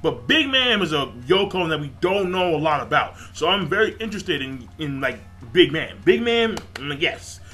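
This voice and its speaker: Bright, excitable man recapping an episode. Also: a little high, normal speed, hardly any pauses, soft background music. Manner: excitable, profane, rambling with fillers. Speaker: anime episode reviewer. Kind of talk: casual episode recap and review.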